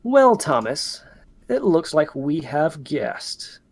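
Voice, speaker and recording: Guy doing a slow nonchalant villain in a green robe, drags every word, tabletop game. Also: on the high side, big pitch swings, husky, heavily acted. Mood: smug.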